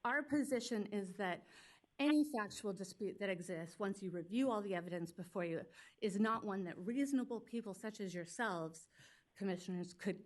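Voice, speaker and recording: A woman attorney speaking for a school district, giving a formal legal argument at a public hearing in a quick, pointed, argumentative way. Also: medium pitch. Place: public meeting hearing room.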